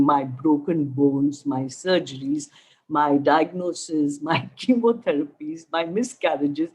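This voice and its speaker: A middle-aged Indian woman tells her survivor's story with a husky, lowish voice. She speaks slowly and deliberately, and her pitch swoops widely as she acts out each exchange. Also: poor audio. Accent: Indian English. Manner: animated, acts out dialogue, emphatic. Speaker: cancer survivor guest speaker. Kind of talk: motivational storytelling talk.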